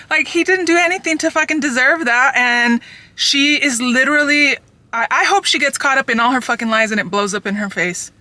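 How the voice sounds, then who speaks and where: Young woman, bright and sharp in tone, exasperated book vlogger ranting with heavy profanity. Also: fairly high pitch, moderate pace, no room sound. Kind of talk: casual ranting book review.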